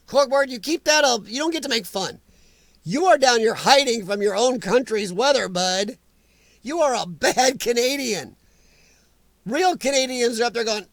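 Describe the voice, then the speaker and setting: High-voiced joking man. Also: animated, normal speed, fairly bright tone, dry recording. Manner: joking, teasing, talks back to chat comments. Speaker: livestream host reading chat. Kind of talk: casual live chat.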